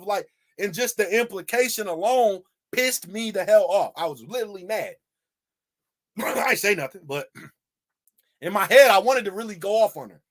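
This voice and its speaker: A man from Michigan giving casual, animated reaction commentary, firing off repeated rhetorical questions and swearing freely. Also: high voice. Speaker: video commentator.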